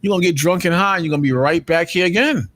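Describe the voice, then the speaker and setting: A man's voice: high voice, very fast, slight background noise. A man telling street stories in casual chat, acting out others' lines in raised voices. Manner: animated, acts out street dialogue in raised voices.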